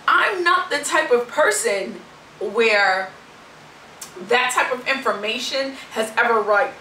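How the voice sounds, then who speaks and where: A woman's voice: fairly high pitch, slow pace, sharp tone, echoey room, recorded from a distance, a little hiss or hum, rough recording. A young woman vlogger telling a story in a brash, sassy, profane rant.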